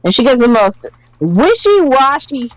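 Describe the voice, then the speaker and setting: A woman's voice: sits high, a little slow, dry recording, rough recording. A woman co-hosting a casual game discussion, retelling scenes expressively and acting out the characters' lines. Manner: expressive, acts out quotes in character voices. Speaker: podcast co-host.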